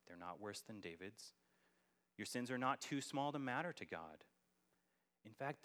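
A man's voice: lowish voice, a bit bright. A man preaching a sermon as a church elder, earnest and building to emphatic peaks. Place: church sanctuary.

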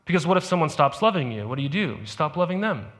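Man, high-pitched voice, pastor, casual conversational sermon, frequent "right?" asides. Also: sing-song, quick pace, a bit bright. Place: church service.

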